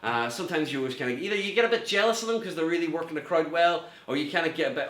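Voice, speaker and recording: A man's voice: fairly high pitch, animated, rapid-fire, few pauses, a bit bright. A middle-aged man with a Northern Irish accent doing a rambling, self-mocking stand-up set from home, laughing at his own jokes. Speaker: stand-up comedian. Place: room at home with a mirror. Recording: echoey room, faint noise.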